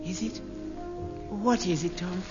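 A man's voice: high-pitched, slow pace, faint music behind. An actor voicing a gushing, breathless young woman sweetheart in a 1950s radio comedy. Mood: swooning. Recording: muffled old broadcast with hall echo.

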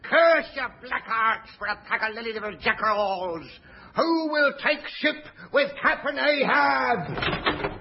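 Loud hook-handed pirate, gravelly bluster, old radio comedy. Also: male voice, very high voice, expressive, unhurried, full character voice. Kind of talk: 1960s radio comedy sketch. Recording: dull old radio recording with noise.

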